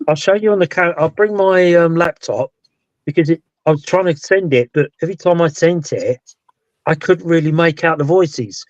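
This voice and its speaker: A man's voice: a little high, moderate pace, no room sound. Rambling British man on a dull lo-fi line. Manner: rambling, loses his thread and restarts. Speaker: paranormal investigator and show host. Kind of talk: casual live-stream chat. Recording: dull dry lo-fi sound.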